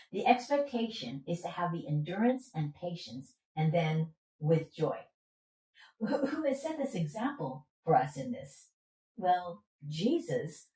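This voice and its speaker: A woman's voice: on the low side, mellow. A woman teaching a Bible study. She talks with energy and often asks her listeners questions, then answers them herself. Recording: roomy echo, from a distance.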